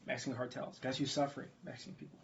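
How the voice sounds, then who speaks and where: A man's voice: medium pitch, level tone, rapid-fire, a little hiss or hum. A man delivers a heated, rambling news rant in an ordinary middle-range voice, dropping swear words and asking rhetorical questions like "guess what". He circles back and repeats his points as he goes. The audio sounds a bit dull and lo-fi. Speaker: video blogger. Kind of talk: ranting commentary on news.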